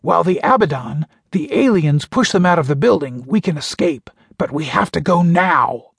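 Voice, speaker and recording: A man's voice: fairly high pitch, lively intonation, normal speed, creaky, breathy edge, no echo, voice pushed up, exaggerated voice. A male audiobook narrator voicing a stern alien soldier who gives clipped, commanding orders, recorded in a dry booth. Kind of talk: audiobook character voice.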